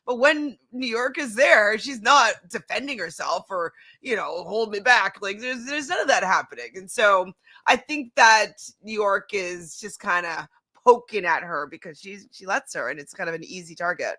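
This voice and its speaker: Bright-voiced woman guest, laughing easily. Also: mid-range voice, lively intonation, moderate pace. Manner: laughs easily, restarts her sentences. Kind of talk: casual chat.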